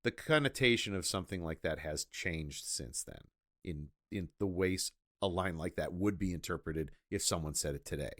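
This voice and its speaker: A man with a lowish voice and a bright, forceful edge co-hosts a podcast. He talks through a film casually, often restarting his sentences as he works out what he means. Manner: halting, restarts while reasoning things out. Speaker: podcast co-host. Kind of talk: casual movie discussion.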